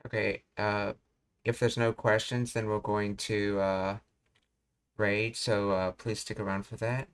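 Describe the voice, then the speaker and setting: A man with a low, smooth voice teaches a live-streamed language lesson. He speaks slowly and evenly, pausing and restarting as he reads explanations aloud, with keyboard typing behind him. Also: flat delivery.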